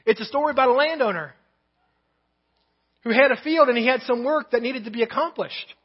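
A man preaching a sermon in church, telling a story and dropping soft and low on the words he wants to land. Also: brisk, husky, dull audio. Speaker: pastor. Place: church sanctuary.

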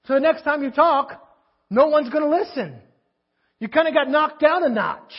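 A man's voice: extremely high pitch, expressive, normal speed, muffled recording. A man preaching a sermon in a conversational way, asking his listeners rhetorical questions. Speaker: pastor.

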